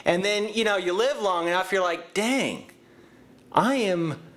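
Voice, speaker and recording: A man hosting an interview, reflective and gently teasing, chuckling as he talks. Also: sits high, measured pace. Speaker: interview host. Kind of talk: conversational interview.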